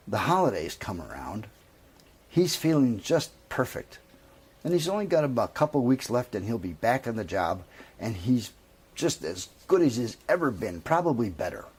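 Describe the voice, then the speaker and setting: Husky man telling a long joke. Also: mid-range voice. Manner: lively, drawn-out storytelling. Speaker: comedian.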